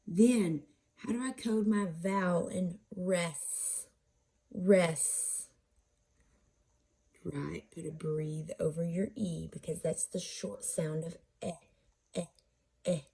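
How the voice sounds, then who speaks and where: A woman teaches a phonics lesson in an unhurried, patient way, asking questions and answering them herself. Her voice is mellow and slightly husky, and she sounds out syllables slowly. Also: on the low side, fairly even intonation. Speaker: reading teacher.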